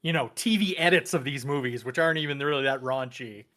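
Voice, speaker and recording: A man's voice: medium pitch, quick pace, sharp tone. A man on a podcast chatting in an offhand way. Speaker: podcast co-host. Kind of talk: casual podcast chat.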